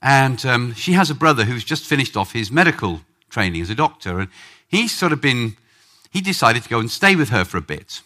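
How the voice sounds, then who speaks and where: A man preaching a sermon in church, animated, acting out prayers with big swings in pitch and loudness. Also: fairly quick.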